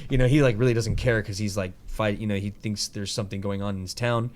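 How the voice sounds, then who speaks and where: A man hosting a casual podcast, rambling through animated retellings of scenes, with lots of fillers and some swearing. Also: fairly low pitch, fast talker. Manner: casual, profane, filler-heavy. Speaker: podcast host.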